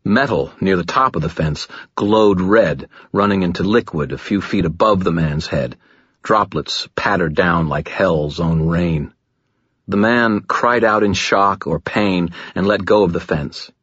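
A man narrating a first-person audiobook, gritty and dramatic, low and steady, close to the mic, in a dull, muffled recording. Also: unhurried, husky, no echo.

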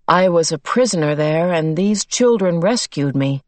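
A worn, serious father speaks in a storybook reading, voiced by a woman. Each word comes slow and distinct, low and measured. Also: dry recording, close to an everyday voice. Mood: grave.

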